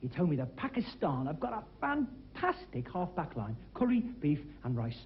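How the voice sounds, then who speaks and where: A man from doing stand-up comedy, telling quick jokes with laughs in between, on a tinny worn 1970s TV tape. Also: fairly high pitch, wildly swooping pitch, heavy background noise. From Liverpool.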